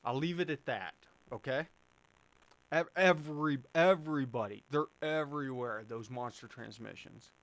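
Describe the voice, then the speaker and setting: A man hosting a livestream answers viewer questions in a casual chat, using a mid-range, slightly bright voice at normal speed. His speech is full of fillers and restarts.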